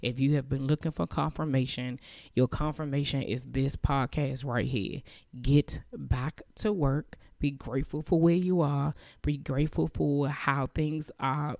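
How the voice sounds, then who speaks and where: A woman's voice: a bass voice, fairly even intonation, a little slow, vocal fry, warm tone, no room sound. Woman, podcast host, heartfelt faith talk, emotional, close dry mic. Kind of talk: faith-based encouraging monologue.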